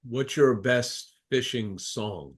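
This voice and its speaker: A man's voice: mid-range voice, slow, husky. A man hosting a casual interview, asking short, playful questions. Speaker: podcast host.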